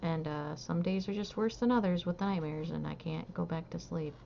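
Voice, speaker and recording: A woman's voice: on the low side, steady tone, a little fast, vocal fry, mellow. A tired young woman chatting casually on a live stream while she crochets, rambling and hesitant with many fillers. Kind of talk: casual chat while crafting. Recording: dull lo-fi stream audio with faint hiss.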